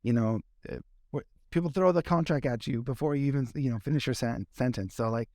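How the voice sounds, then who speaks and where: A man's voice: medium pitch, fairly quick, a little mellow, no echo, studio quality. A man co-hosting a casual podcast, searching for words and restarting often as he builds his question. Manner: hesitant, many fillers and restarts while framing questions. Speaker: podcast co-host.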